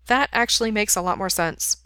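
A woman's voice: medium pitch, a little fast, bright, forceful tone, smooth, dry recording, studio quality, pitched above the performer's own voice, natural voice. A woman reading aloud and voicing an earnest, devoted young man who sounds eager and a little nervous.

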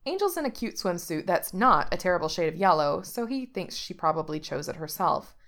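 A woman narrating a story aloud with steady, expressive delivery. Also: on the low side, fairly quick.

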